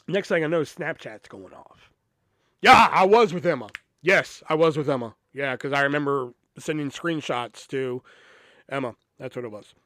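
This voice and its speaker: A man's voice: medium pitch, no echo, clean studio sound. A young man hosting a podcast, telling a personal story in a casual monologue, swearing freely and rambling with restarts and fillers. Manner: turns quiet and reflective.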